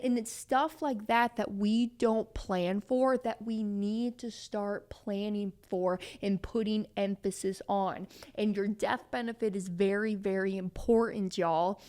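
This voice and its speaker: A woman speaks as an insurance advisor in a loose, conversational way. She is emphatic and drives home her points. She addresses her listeners directly as y'all. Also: mid-range voice. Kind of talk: casual talk to camera.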